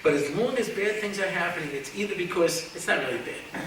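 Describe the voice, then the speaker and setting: A man with a high voice lectures as a rabbi, telling humorous anecdotes in a folksy, joking manner. He is picked up from a distance in a very echoey room. Steady background noise sits under his voice. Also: a little fast. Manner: storytelling, joking, folksy asides.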